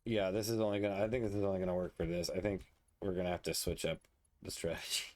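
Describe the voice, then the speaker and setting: A man's voice: low-pitched, little pitch movement, quick pace, a little mellow. A man casually commenting on his gameplay, muttering and thinking aloud as he builds. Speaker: let's play host.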